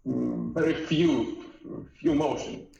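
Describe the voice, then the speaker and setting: A man's voice: mid-range voice, slow, vocal fry, mellow, echoey room, muffled recording. A male accordion student giving short, hesitant answers to his teacher.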